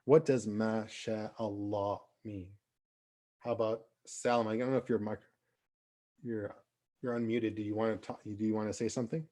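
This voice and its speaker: A man teaching an online youth class over a video call, lively and asking his students questions as he acts out quotes. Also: lowish voice, normal speed. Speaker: Islamic teacher.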